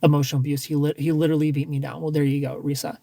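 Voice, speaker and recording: A man's voice: fairly high pitch, flat delivery, rapid-fire, creaky, dark tone, dry recording. A man hosting a casual livestream, giving blunt dating advice with lots of restarts and some swearing.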